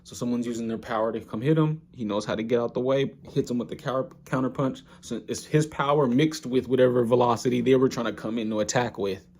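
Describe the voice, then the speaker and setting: A man casually recapping an anime episode, telling it with animated slang. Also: medium pitch, fast, few pauses.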